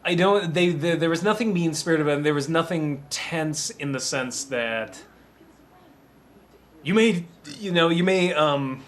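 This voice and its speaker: A man recording a commentary track about writing a film, rambling and anecdotal, often restarting his sentences and pausing to sip water. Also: fairly high pitch, a bit bright. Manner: drinks water between remarks. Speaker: writer giving a film commentary.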